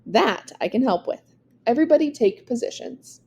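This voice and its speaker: A friendly adult man coaching kids' baseball from a storybook, voiced by a woman. He calls out across the diamond with a raised pitch but a warm, mellow sound. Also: lively intonation, normal speed, a little hiss or hum. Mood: kind. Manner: calling out, kind.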